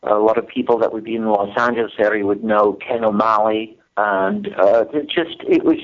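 A man's voice: on the low side, a little fast. A middle-aged man with a mild Scottish accent, a musician guest on a radio show, wry and self-deprecating, hesitant with fillers. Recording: muffled, dull sound.

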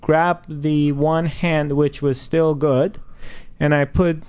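A man in his fifties, a spiritual healer being interviewed, speaking slowly and earnestly with many pauses and fillers. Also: fairly high pitch, level tone, a little mellow, clean tone. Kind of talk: interview answers. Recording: dull lo-fi recording.

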